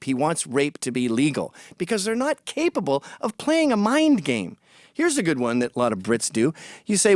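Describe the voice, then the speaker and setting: A man's voice: fairly high pitch, no room sound. British guy ranting at camera, voice jumps all over, dry close sound. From Britain. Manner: blunt, mocking, swings between loud jabs and muttered asides. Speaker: commentator. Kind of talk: opinionated monologue to camera.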